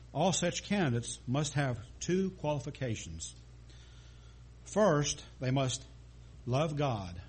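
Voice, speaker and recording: A man's voice: medium pitch, darkish tone, breathy edge. A man preaching a sermon, telling a story with small stumbles and restarts.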